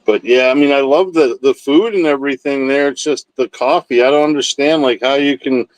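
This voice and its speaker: A man's voice: medium pitch, moderate pace, few pauses, no echo, poor audio. Laid-back man swearing casually on a livestream. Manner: rambling, profane, laid-back storytelling. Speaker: livestream host. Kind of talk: casual chat with live chat.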